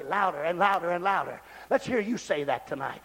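A man preaching a revival sermon, shouting at the climaxes and dropping low for asides. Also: expressive, quick pace, hardly any pauses. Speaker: pastor.

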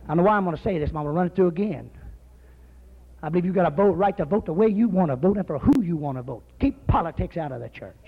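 A man preaching a fervent, folksy sermon, shouting at times. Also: high voice, animated, quick pace, husky. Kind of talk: fiery sermon. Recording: slightly muffled recording.

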